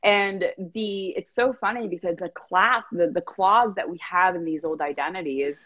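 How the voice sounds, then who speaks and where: Animated woman coach, slightly muffled audio. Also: on the low side, normal speed. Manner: animated storytelling, acts out clients' voices, swears freely, laughs often. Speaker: life coach and podcast guest. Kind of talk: casual interview chat.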